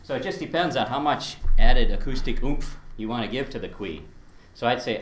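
A man's voice: mid-range voice, expressive, fairly quick, few pauses, fairly bright tone, reverberant, a little hiss or hum. A man teaching a workshop on verse rhythm, chatty and explaining with spoken examples, often chuckling. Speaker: Latin teacher. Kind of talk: workshop presentation.

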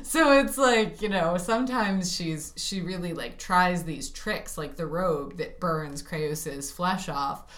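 A woman's voice: on the low side, takes it slowly, hardly any pauses, fairly bright tone. A woman co-hosting a podcast, chatting casually with wry, slangy remarks. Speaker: podcast co-host. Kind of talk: casual chat.

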